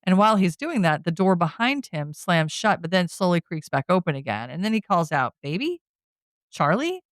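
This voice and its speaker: A woman hosting a podcast casually recaps a horror film scene by scene, telling it chattily and often saying "you know" and "like." Her voice is fairly low with lively intonation, a little fast, and has no echo.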